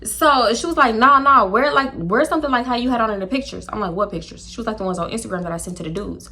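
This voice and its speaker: Young girl spilling a storytime, bright sharp voice, kinda high, super animated. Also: quick pace. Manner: chatty, animated retelling with laughs and quoted dialogue. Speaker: storytime YouTuber. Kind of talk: casual storytime vlog.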